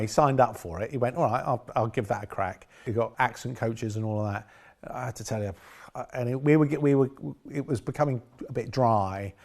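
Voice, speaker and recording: A man's voice: lowish voice, darkish tone. A man talking about his past work as a film director in a casual interview, rambling with frequent restarts and self-corrections.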